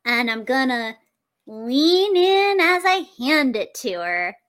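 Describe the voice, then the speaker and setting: A woman playing a tabletop game, casual and hesitant. Her voice sits high. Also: very animated, takes it slowly, a bit bright. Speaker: player.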